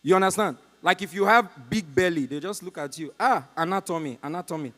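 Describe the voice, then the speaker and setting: Telling stories and bantering with the audience, a Nigerian stand-up comic works a concert stage in a big hall. He speaks a little fast in a high, bright, forceful voice, and long hall reverb trails his words.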